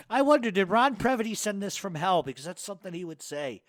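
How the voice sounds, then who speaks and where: A man's voice: high-pitched, no echo. Profane, mocking man host. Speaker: radio show host. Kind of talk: reading and answering hate mail.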